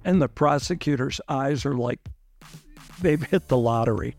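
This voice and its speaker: A man's voice: mid-range voice, moderate pace, gravelly, a little mellow, soft background music. A man, a lawyer, telling his own story in an interview and acting out other people's lines with animation.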